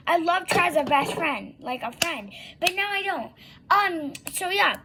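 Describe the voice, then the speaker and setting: A woman's voice: very high voice, expressive, unhurried, bright, forceful tone, a little hiss or hum. A young girl telling a long story in a casual vlog, rambling with many fillers and acting out what she and a friend said. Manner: rambling, many fillers and likes, acts out quoted dialogue.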